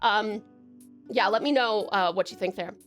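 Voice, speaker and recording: A woman livestreaming, chatting casually with her viewers, giggling often and filling pauses with ums. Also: medium pitch, soft background music. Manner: giggly, chatty, warm toward chat, many fillers.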